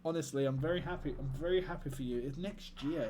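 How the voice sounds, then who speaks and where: A man's voice: on the high side, fast, a little mellow, a little hiss or hum. A man livestreaming a game, chatting casually and joking with his chat. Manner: chatty, jokey banter with chat. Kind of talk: casual gaming stream chat.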